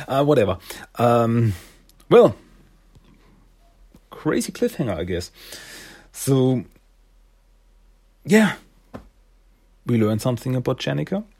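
A man's voice: medium pitch, darkish tone, husky. A man casually recapping a comic issue, rambling and loose with many fillers. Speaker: comic reviewer.

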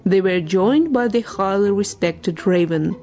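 Mellow woman reading a fairy tale. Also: medium pitch, a little slow, soft background music. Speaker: narrator. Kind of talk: storybook narration.

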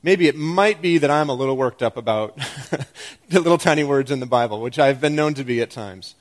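A man preaching a sermon as a pastor, with an animated, self-deprecating delivery that moves between loud excitement and quiet emphasis. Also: mid-range voice, normal speed.

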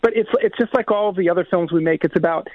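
A filmmaker speaks over a tinny phone line during a radio interview. He explains things earnestly and fluently. His voice sits high for a man and sounds dry. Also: quick pace, dry recording. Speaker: guest filmmaker.

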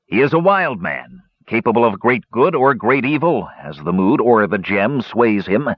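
A man voicing a proud, gruff old male dwarf warrior in an audiobook, with a scornful manner. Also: lowish voice, very animated, moderate pace, no room sound, highs cut off.

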